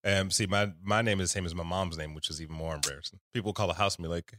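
A man hosts a podcast with a bright, sharp, fairly low voice, joking and chatting as he steers the talk. The mic is close and dry. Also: rapid-fire, few pauses, no echo. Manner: jokey, playful, chatty. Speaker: podcast host. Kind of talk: casual podcast interview.

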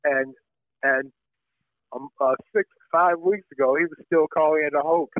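A man's voice: on the high side, steady tone, moderate pace, no echo. A man talking as a journalist guest in an interview, building his points earnestly with pointed examples over a phone call. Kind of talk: conversational interview. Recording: tinny phone line.

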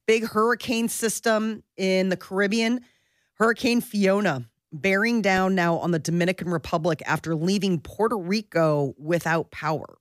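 A woman co-hosting a morning radio show, reading the news in a casual, chatty way with many "like"s and quick laughs. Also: mid-range voice, dry recording, clean studio sound. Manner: chatty, lots of "like" and restarts, laughs often.

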